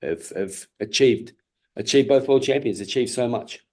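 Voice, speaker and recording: A man's voice: mid-range voice, normal speed, crowd noise. A tired Australian man in his forties, a former boxer chatting as an interview guest, blunt and profane, often repeating himself and restarting sentences. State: tired and yawning. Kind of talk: casual interview chat.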